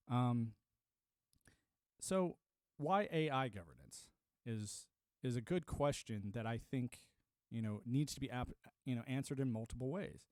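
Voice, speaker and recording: A man's voice: medium pitch, dark tone, dry recording, clean studio sound. A young adult man from the United States talking into a streaming mic, ranting emphatically with lots of fillers. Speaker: livestreamer. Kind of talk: live-stream monologue.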